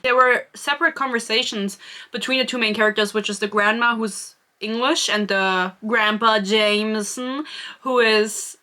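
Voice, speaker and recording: A woman from Germany delivers a casual book review in English. Her voice sits a little high and sounds bright and crisp. She keeps it chatty and sarcastic, with playful asides.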